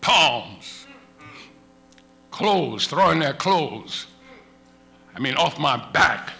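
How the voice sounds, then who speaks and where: A male preacher giving a Palm Sunday sermon in a church, moving from hushed, slow storytelling to shouted crescendos and calling on a pastor beside him. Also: a little high, expressive, gravelly, faint music behind. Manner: speaks to a pastor beside him in role-play. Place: church sanctuary.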